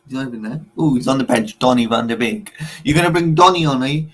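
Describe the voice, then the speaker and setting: A man's voice: mid-range voice, fast talker. A young man co-hosting a football watchalong, teasing rival fans in casual, repetitive banter.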